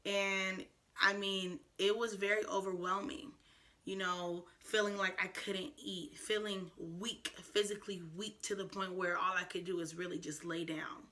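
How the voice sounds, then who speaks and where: A woman in her twenties talking to camera in a personal vlog, soft, reflective and earnest, with frequent fillers. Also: mid-range voice, level tone, a little slow. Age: 20s. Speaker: vlogger.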